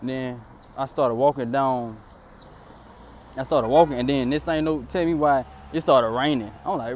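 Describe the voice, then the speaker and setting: A man's voice: moderate pace, darkish tone, slight background noise. A young man casually recounting a story outdoors in a rambling, repetitive way. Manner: rambling, repetitive "then boom" narration.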